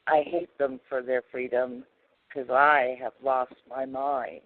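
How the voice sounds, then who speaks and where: A man's voice: mid-range voice, little pitch movement, slow, no room sound. A man putting on a soulless computer-chip drone. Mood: mechanical. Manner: mechanical rhyming recitation. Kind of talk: reciting a poem on call-in radio. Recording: tinny dry phone line.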